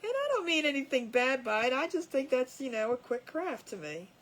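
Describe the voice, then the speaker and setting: Speaking a little fast in a high-pitched, sing-song voice, a woman hosts a crafting livestream. She chats casually with viewers as she crafts and laughs often at her own jokes. A camera over her crafting table records it, and the recording is rough.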